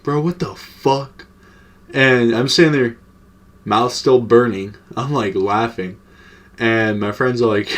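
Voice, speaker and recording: A young man telling a casual, slangy, profane story to his vlog audience. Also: lowish voice. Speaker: storytime vlogger.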